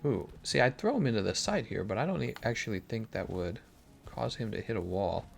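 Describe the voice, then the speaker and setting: A man with a fairly low, creaky voice and lively intonation talks briskly while live-streaming a game. He chats casually, jokes, thinks aloud, and answers his viewers' questions as he plays.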